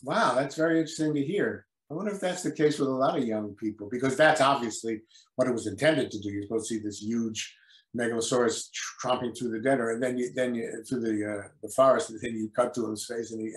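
A man's voice: medium pitch, echoey room, poor audio. An older man, a guest actor on a video call interview, talking hesitantly with lots of repeated words and apologies for his memory.

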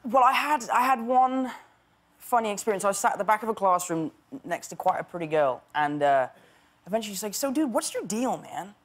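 A young British actor telling lively anecdotes as a talk show guest, acting out quotes and laughing often. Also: male voice, sits high, fairly quick. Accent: British English. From England.

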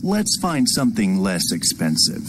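A man's voice: on the low side, huge pitch swings, normal speed, background noise. A man voicing a patient father shopping for a bed in a textbook dialogue. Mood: calm. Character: dad shopping for a bed, calm.

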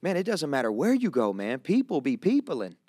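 A man's voice: fairly high pitch, wildly swooping pitch, a little fast, darkish tone, no echo, studio quality. A man, a pastor and church planter, talking in a casual podcast conversation, laid-back and calling people "man" and "bro".

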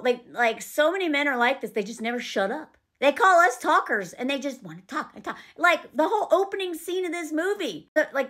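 A woman giving casual, sarcastic commentary on a movie scene, animated and quick to laugh. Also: sits high.

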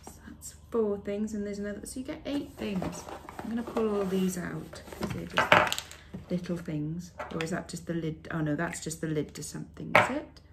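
A woman's voice: on the low side, normal speed, heavy background noise. Chatty woman unboxing beauty products. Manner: chatty, reads product labels aloud with fillers. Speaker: beauty vlogger. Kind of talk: casual unboxing chat.

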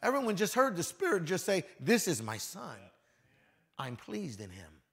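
A man preaching a conversational sermon as pastor in a church hall, acting out quotes and swinging from quiet asides to loud declarations. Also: sits high, huge pitch swings, normal speed.

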